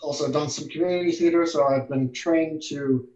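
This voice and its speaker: Slow halting guy on a podcast, echoey dull mic. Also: a little high, fairly even intonation, a little mellow. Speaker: podcast guest. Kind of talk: casual podcast chat. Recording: dull, echoey room sound.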